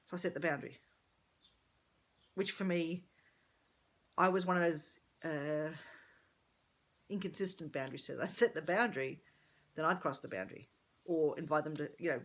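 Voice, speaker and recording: A woman's voice: deep voice, moderate pace, long pauses, fairly bright tone, soft background music. A middle-aged woman talking candidly in a rambling personal vlog, thinking aloud and correcting herself as she goes. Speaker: vlogger.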